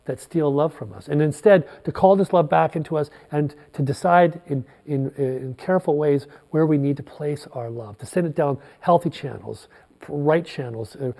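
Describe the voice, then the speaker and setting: Male pastor, sermon delivery, gravelly and dark-toned, thoughtful with frequent restarts. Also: on the high side. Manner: thoughtful, unhurried preaching with restarts.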